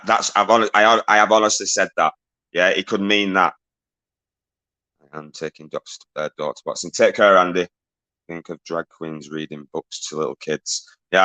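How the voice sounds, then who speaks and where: A man's voice: low voice, pushed and bright, low-quality recording. A man hosting a casual livestream, reading viewers' comments aloud, greeting them and swearing casually.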